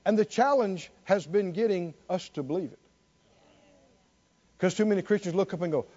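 A man's voice: high voice, lively intonation, normal speed, dark tone, husky. A man preaching a sermon emphatically, repeating phrases and firing off rhetorical questions. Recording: dull lo-fi recording.

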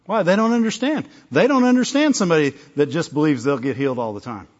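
A man's voice: a little high, fast. A man preaching a sermon in a conversational way, often breaking off and acting out little dialogues. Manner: conversational, self-interrupting, acts out little dialogues. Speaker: pastor. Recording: dull lo-fi recording.

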